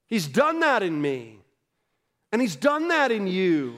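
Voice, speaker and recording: A man's voice: high-pitched, huge pitch swings, takes it slowly, a bit bright. A man preaching a sermon in a conversational style, acting out quoted voices and building to emphatic peaks. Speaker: pastor.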